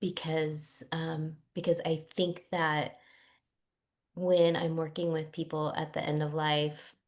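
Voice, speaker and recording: A woman's voice: sits low, level tone, slow pace. A woman hosting an online talk, speaking reflectively and emotionally with many fillers. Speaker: host. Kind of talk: conversational wrap-up.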